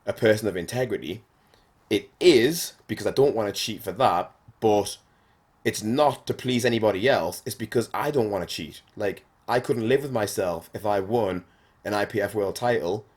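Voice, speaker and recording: A man, talking casually and bluntly as a podcast host, swearing often and filling pauses with "like". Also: lowish voice, a little mellow. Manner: blunt and sweary, frequent fillers. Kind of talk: casual monologue.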